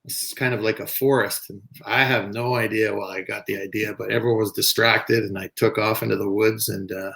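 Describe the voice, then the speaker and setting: A man, a softball pitcher, telling stories in a casual interview, acting out other people's voices. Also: brisk, creaky, hardly any pauses. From Canada. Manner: animated, acts out quoted voices.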